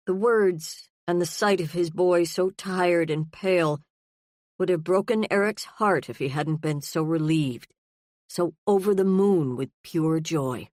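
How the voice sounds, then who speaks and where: A woman narrating an audiobook in a steady, even storytelling manner. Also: deep voice, unhurried, dry recording, clean studio sound. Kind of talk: scripted narration.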